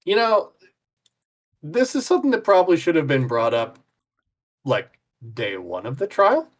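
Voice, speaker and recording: A man's voice: on the high side, very animated, moderate pace. A man streaming, chatting casually with dry jokes and explaining things. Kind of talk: casual chat during a game voice-over.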